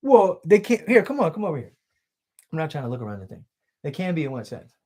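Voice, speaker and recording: A male livestream host chats casually and fast with his viewers from a home setup, loose and full of swearing. His pitch jumps all over the place, keeping him lively and animated as he reads viewer comments aloud and tosses questions to the room.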